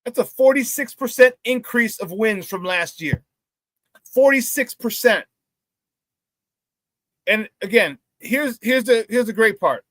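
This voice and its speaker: A man hosting a casual sports talk show, telling stories excitedly with many restarts and repeated words. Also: high-pitched, a little slow, pauses often, no echo.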